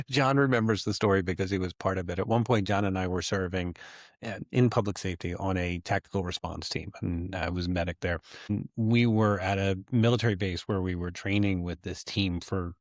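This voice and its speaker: Male podcast co-host, ex-medic, lowish voice, easygoing storyteller. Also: brisk, no echo, clean studio sound.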